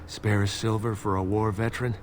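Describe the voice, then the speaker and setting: An actor playing a crippled old war veteran begging for coins in a video game. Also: male voice, on the low side, little pitch movement, fairly quick, slight background noise, lightly acted. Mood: weary. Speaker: game character.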